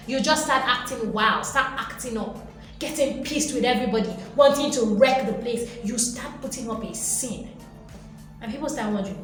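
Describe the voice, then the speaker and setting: A woman giving an animated motivational talk who lectures her viewers and acts out little voices. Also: a little high, normal speed. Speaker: motivational vlogger. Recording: very echoey room, faint music behind.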